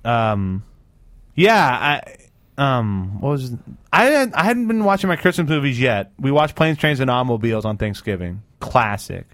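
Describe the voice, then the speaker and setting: A man co-hosting a casual radio talk show, ranting in an animated way and leaping up in pitch when he mocks what people say. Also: normal speed, dry recording. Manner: animated, ranting, jumps up in pitch for mock quotes. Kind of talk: casual banter.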